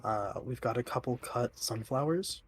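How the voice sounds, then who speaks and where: A man playing a tabletop role-play, talking in an easygoing, measured way. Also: mid-range voice, slight background noise. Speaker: player.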